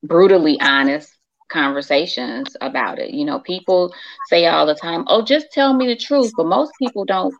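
A woman with a low, gravelly voice makes her points in a casual panel chat. She speaks firmly and emphatically. The recording sounds dull and lo-fi. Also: animated, moderate pace. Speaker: podcast co-host.

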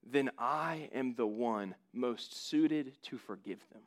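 A gentle, steady Christ figure, read aloud by a male preacher, answering in a soft, lowered, unhurried voice. He speaks calmly and reassuringly. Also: natural voice. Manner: soft, calm, measured.

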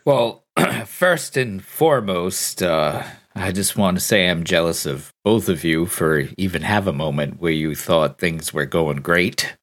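A man's voice: low voice, measured pace, a bit bright. Wry self-deprecating man with a cold. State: sick with a cold. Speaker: podcast co-host. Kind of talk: casual chat.

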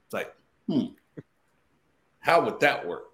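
A man telling a story in casual podcast chat, animated and profane, repeating himself for emphasis. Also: mid-range voice, takes it slowly, roomy sound.

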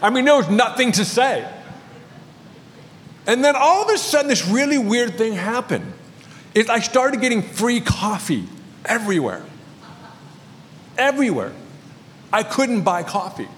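Male pastor with a high voice, joking his way through a sermon story in a big echoing church. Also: big pitch swings, measured pace, long pauses, a bit bright, a little hiss or hum. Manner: storytelling with light humor. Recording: long reverb of a large hall.

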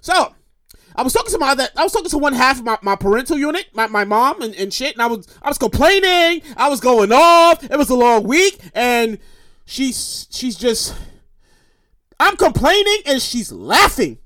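Woman, 30s, solo podcast host, lively and foul-mouthed, repeats herself for punch, dry close sound. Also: sits high, moderate pace, no echo. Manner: animated and profane, repeats phrases for emphasis. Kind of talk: casual solo podcast monologue.

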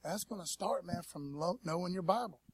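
A pastor preaching a casual sermon at a church service, in a laid-back, slangy way and calling on the congregation to respond. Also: male voice, high voice, a little fast, breathy edge, dry recording. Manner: laid-back slangy preaching, peppered with "man" and "you know what I mean"; calls for audience response.

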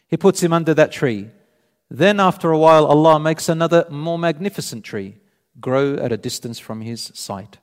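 A man preaching a sermon, retelling a story with animated delivery and voicing both sides of the dialogue. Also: on the high side, normal speed. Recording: long hall reverb.

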